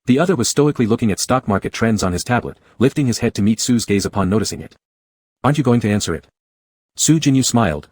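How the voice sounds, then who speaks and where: A man reads a romance novel aloud in a measured, even narration. His voice is low and husky. The sound is dry and close. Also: no echo.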